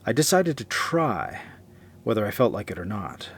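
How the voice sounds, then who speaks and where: Husky low-voiced man narrating horror. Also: big pitch swings, moderate pace. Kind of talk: first-person horror story narration.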